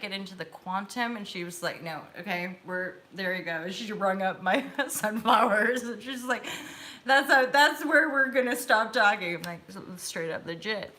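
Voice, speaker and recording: A woman's voice: a little high, pushed and bright. A woman, hosting a live tarot stream as casual chat, bubbly and giggly as she talks straight to her viewers. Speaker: host reading tarot cards on a live stream.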